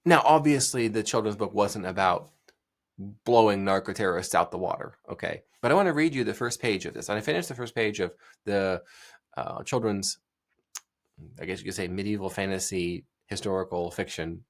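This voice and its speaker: A man's voice: lowish voice, a bit bright. A man hosting a solo podcast, talking casually and emphatically with many fillers and restarts, and reading a passage aloud. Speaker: podcast host.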